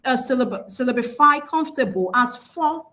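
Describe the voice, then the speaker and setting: A woman with a Nigerian English accent teaches a pronunciation lesson. Her voice sits a little higher than most. She speaks deliberately and repeats important words, slowing down to stress them. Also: expressive, bright, forceful tone. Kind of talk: classroom lesson.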